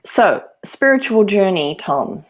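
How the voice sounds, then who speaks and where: A woman giving a live tarot reading, offering calm, earnest spiritual guidance. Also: medium pitch, takes it slowly. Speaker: tarot reader.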